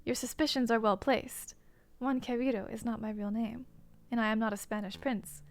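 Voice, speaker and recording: A man's voice: very high voice, steady tone, moderate pace, no room sound. Woman reading as a sly charming con man prisoner. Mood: smooth, evasive. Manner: theatrical, flowery storytelling.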